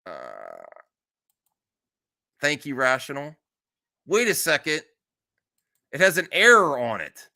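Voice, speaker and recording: Bright-voiced, blunt streamer man. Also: a little high, huge pitch swings, takes it slowly, gravelly, pauses often. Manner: blunt, exasperated, swears freely. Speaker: streamer host. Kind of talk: casual live-stream chat.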